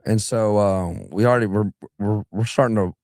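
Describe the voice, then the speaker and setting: This young adult singer from southeastern Alabama rambles through a casual radio interview as a guest, restarting his sentences and sometimes doing put-on voices. His lowish voice is gravelly and a little mellow at a moderate pace, recorded dry in a clean studio.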